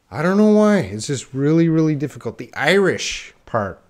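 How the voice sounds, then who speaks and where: A man's voice: medium pitch, sing-song, a little fast, few pauses, a little mellow. A man teaching English in a live online lesson, casual and self-deprecating, reacting to viewers by name as he tries tongue twisters.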